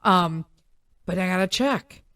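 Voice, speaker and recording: A middle-aged woman hosting a podcast alone, chatting in an animated, joking way with loud emphatic asides, her voice still recovering from being sick. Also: fairly low pitch, unhurried. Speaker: podcast host. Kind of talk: casual solo podcast monologue.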